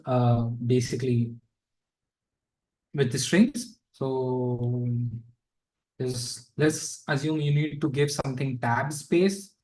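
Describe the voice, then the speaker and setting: On a low-quality recording, a man with a mid-range voice teaches programming in a casual live coding lesson. He thinks aloud, scattering fillers and asides as he goes.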